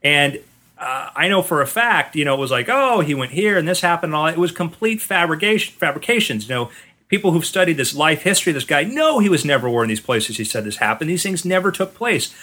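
Podcast co-host, male, magician, holds forth in bright, forceful tones. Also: a little high, sing-song, fast talker. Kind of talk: casual chat.

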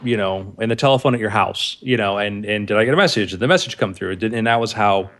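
A man's voice: on the low side, fast talker. A man co-hosting a casual podcast about TV, telling things animatedly and acting out quotes. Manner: animated storytelling, acts out quotes. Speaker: podcast co-host. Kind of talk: casual chat.

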